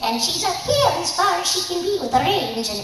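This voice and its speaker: A woman's voice: extremely high pitch, sing-song, a little fast, a bit bright, a little hiss or hum, pitched above the performer's own voice, full character voice. A woman voicing a fussy elderly lady who coos over a pet bird in a quavering, sing-song way, heard from far off in an echoey hall. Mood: doting.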